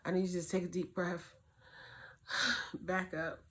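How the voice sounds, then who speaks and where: A woman's voice: fairly low pitch, little pitch movement, slow, fairly bright tone, slight background noise. A middle-aged woman hosting a casual advice talk for single mothers, telling stories and acting out her kids' voices and her own. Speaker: host.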